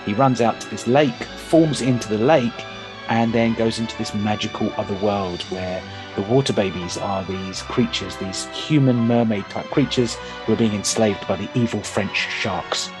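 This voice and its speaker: A man hosting a podcast, chatting casually and retelling childhood cartoons with animated enthusiasm. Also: fairly low pitch, moderate pace, music in the background. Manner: animated retelling of old cartoons, often laughing. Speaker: podcast host.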